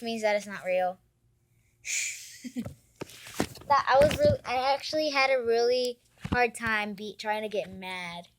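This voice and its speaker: A woman's voice: medium pitch, measured pace, long pauses, noisy background. A woman vlogging a casual spoof unboxing, chatty and mock-annoyed as she complains.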